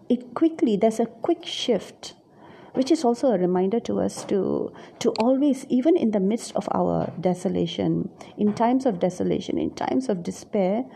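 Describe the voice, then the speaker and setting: Gravelly, husky woman giving a sermon. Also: medium pitch, mellow. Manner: musing, searching for words with many fillers. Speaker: preacher. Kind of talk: reflective scripture sermon.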